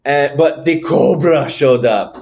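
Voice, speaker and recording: A man co-hosting a podcast, recapping wrestling shows in casual chat, animated and swearing freely. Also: takes it slowly, vocal fry. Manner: animated, swearing, jumps in pitch when surprised. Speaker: podcast co-host.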